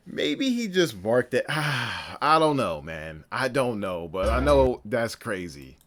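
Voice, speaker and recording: A man's voice: medium pitch, sing-song, takes it slowly, few pauses, fairly bright tone. A man giving casual, profane reaction commentary on a stream, talking animatedly and laughing often.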